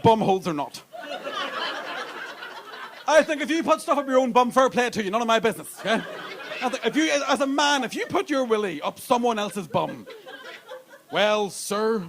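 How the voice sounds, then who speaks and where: Brash, high-voiced male stand-up comedian. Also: animated, moderate pace, pauses often. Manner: brash, crude storytelling. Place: comedy club stage. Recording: live club with audience noise.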